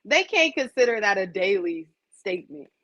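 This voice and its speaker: A woman hosts a casual chat, curious and asking question after question. Her voice is bright and lively, with a lot of movement in pitch. The recording is dry and close. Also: normal speed, no room sound. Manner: curious, quizzing. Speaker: host.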